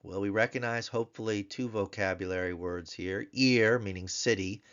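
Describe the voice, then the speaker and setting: A man teaching a recorded grammar lesson, slowly repeating each word several times for drill. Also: on the low side, fairly bright tone, clean tone. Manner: slow, repeats words for drill. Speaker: language teacher. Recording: dull lo-fi sound.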